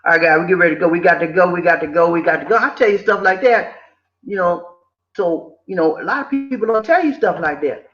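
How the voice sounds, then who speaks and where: Older guy, high pitched, preachy life-advice vlogger, echoey room, muffled lo-fi. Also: fairly quick, soft background music. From southern United States. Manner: preachy, animated, repeats himself, slips in quoted voices. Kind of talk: casual motivational talk. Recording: echoey room, dull lo-fi sound.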